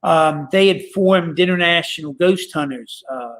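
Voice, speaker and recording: A male podcast host in casual chat, rambling and halting with many fillers. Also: on the high side, fairly bright tone. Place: Pennsylvania.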